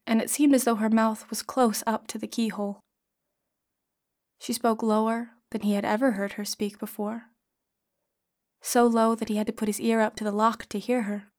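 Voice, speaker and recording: A woman narrating a classic short story in a measured, expressive reading. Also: fairly high pitch. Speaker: audiobook reader.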